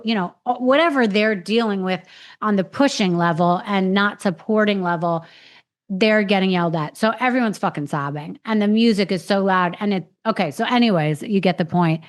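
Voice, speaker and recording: A woman hosting a podcast tells her own story in a frank, unpolished way. She swears freely and slips into the voices of the people she is quoting. Her pitch sits in an ordinary middle range for a woman. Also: normal speed. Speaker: podcast host. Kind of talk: candid personal storytelling.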